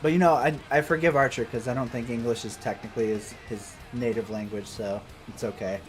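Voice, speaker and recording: A man's voice: mid-range voice, steady tone, fairly quick, soft background music. A man streaming a farming game, chatting casually and swearing freely with co-players. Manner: profane, rambling banter. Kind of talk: casual gameplay chat.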